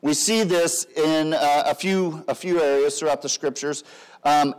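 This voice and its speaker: A man preaching a sermon, swinging between loud emphatic lines and soft, quiet drops. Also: fairly high pitch, fairly even intonation, measured pace, clean tone. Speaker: pastor.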